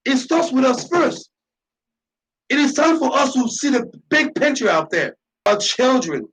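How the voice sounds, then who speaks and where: High-voiced man preaching on a talk show. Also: sing-song, measured pace, fairly bright tone, poor audio. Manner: preachy, repetitive, emphatic. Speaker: radio talk show host. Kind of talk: impassioned monologue.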